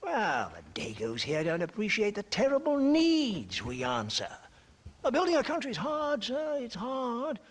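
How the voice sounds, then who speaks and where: A man's voice: very high-pitched, huge pitch swings, a little slow, full character voice. An actor playing a pompous, jovial, crooked opium trader in a video game, blustering and chuckling as he talks. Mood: scheming.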